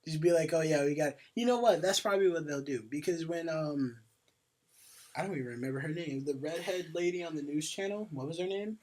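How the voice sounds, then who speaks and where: Wearing headphones at a home podcast mic, a young co-host chats casually, rambling, swearing, and filling gaps with filler words. He speaks briskly in a higher-leaning voice with a darkish tone, and there's a little hiss or hum.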